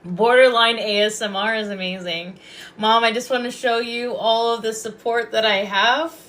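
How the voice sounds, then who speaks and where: A woman's voice: a little high, fairly even intonation, normal speed, a bit bright. Chatty woman hosting a livestream. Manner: chatty, affectionate, rambling. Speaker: host and Reiki practitioner. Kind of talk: casual livestream chat.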